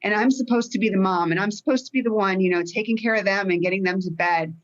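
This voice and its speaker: A woman life coach speaking as a guest, her voice mid-pitched and her stories told openly from the heart. Her sound is slightly muffled and lo-fi, as if through a modest mic. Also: fast. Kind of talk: conversational interview.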